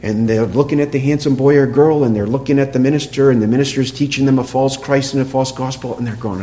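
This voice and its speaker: A man's voice: mid-range voice, fairly even intonation, quick pace, few pauses. Man preaching in a reverberant hall. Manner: emphatic, rhetorical questions, drops to a soft hush for quoted lines. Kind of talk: sermon. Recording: long hall reverb with faint hum.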